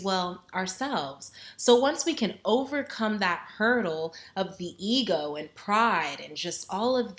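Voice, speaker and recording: A woman's voice: mid-range voice, fairly bright tone. A woman hosting a web talk show, chatting to camera in an upbeat, encouraging way with casual asides. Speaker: host.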